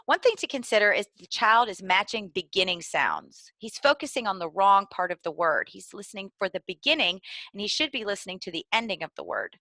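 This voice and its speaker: A woman giving clear, deliberately enunciated instructional narration for preschool teachers. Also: mid-range voice, very animated, sharp tone, dry recording. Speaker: early literacy trainer.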